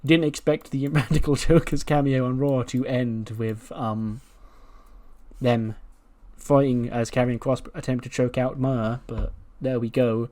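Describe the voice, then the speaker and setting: A regular host narrates a wrestling management game casually, chatting, laughing often and retelling scenes with quoted voices. His medium-pitched voice is steady, unhurried and dark in tone.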